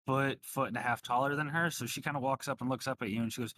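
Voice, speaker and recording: A man's voice: mid-range voice, steady tone, quick pace, hardly any pauses, bright, forceful tone, slight background noise. A man narrating as game master in a casual tabletop game, talking loosely with many fillers.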